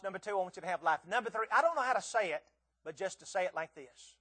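A man's voice: high voice, expressive, quick pace, bright, forceful tone, husky. A man in his sixties preaching a sermon as a visiting preacher, earnest and pleading, often stammering and repeating his words.

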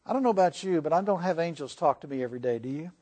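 A man preaching a sermon, animated, asking the congregation questions. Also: on the high side, very fast.

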